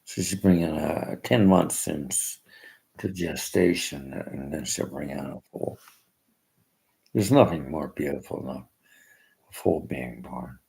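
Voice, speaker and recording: Gravelly deep-voiced man rambling. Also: mellow. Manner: halting, emotional, drops to near-whispers. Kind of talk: rambling personal monologue.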